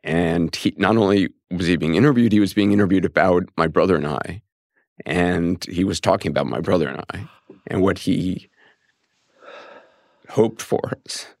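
A man in his fifties hosting a podcast, speaking in a soft, thoughtful way with frequent pauses and fillers. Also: sits low, creaky, dry recording, studio quality. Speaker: podcast host. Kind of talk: reflective podcast conversation and narration.

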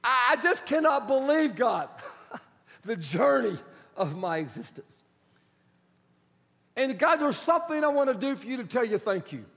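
A humble, grateful king speaks earnestly and pleadingly, put on by a male preacher. The voice is high and lifted by a long hall reverb. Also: sing-song, measured pace, vocal fry, long pauses, a bit bright, heavily acted. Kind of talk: acted quotation in a sermon.

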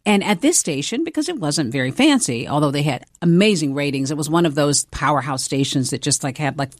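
A middle-aged woman from the American South, a television journalist, telling lively career stories with a slight Southern accent. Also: sits low, a little fast, no echo, studio quality. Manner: animated storyteller with laughs and restarts. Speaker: guest, TV journalist. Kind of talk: conversational storytelling.

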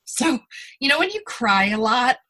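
Chatty middle-aged woman, husky bright voice. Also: on the high side, very animated, normal speed. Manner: chatty storyteller, lots of "you know" and laughs. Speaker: podcast host. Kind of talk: casual chat.

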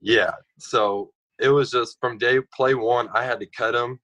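A young man in his twenties, a podcast guest telling stories in a casual, animated way. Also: mid-range voice, a little slow, rough recording. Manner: animated storyteller, acts out others' lines. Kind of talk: casual storytelling.

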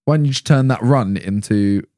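A man's voice: medium pitch, moderate pace, a little mellow, no echo, clean studio sound. A man co-hosting a podcast, teasing and laughing in casual chat. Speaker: podcast co-host.

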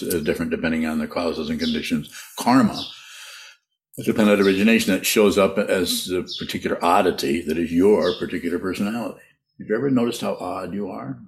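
Halting low-voiced man teaching meditation. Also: vocal fry. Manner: halting, repeats words, laughs often. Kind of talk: live online teaching, answering questions.

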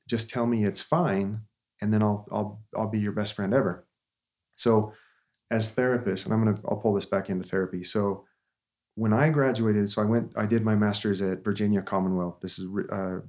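A man's voice: fairly low pitch, darkish tone. A therapist, a man in his thirties, telling a story in an earnest, conversational way with frequent restarts.

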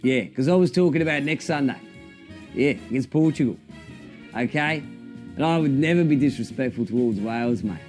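Brash coach for a comedy sketch, defensive and smug; an impressionist doing the voice. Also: male voice, mid-range voice, brisk, darkish tone, soft background music, lightly acted. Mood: defiant. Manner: defensive and cocky, tacks "mate" onto everything. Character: brash, touchy older male rugby coach.

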